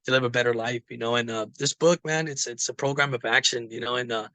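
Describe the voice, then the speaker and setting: A man's voice: medium pitch, fairly even intonation, fast talker, pushed and bright, no echo. A man telling his recovery story in a casual, rambling way, with many fillers. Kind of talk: casual personal testimony.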